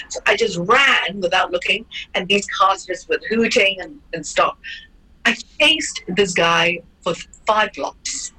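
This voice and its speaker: Bright-voiced woman telling a story. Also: lowish voice, husky, poor audio. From Hong Kong. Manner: lively, acts out quoted voices, frequent restarts. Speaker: interview guest, former ballerina. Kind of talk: animated personal storytelling.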